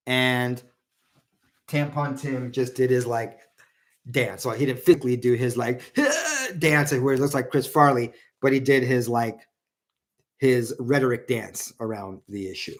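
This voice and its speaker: A man's voice: mid-range voice, normal speed. Rambling male political commentator. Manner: rambling, repeats words, quotes others in a raised voice. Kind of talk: casual solo commentary.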